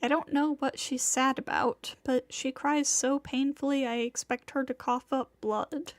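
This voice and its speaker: Slow, soft-spoken woman narrating. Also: high-pitched, fairly even intonation, dry recording. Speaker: streamer. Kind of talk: reading a visual novel aloud.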